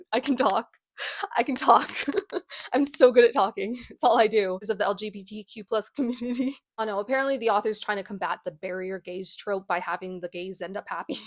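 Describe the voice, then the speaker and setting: A young woman vlogging a sarcastic book review, deadpan and prone to breaking into giggles. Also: mid-range voice.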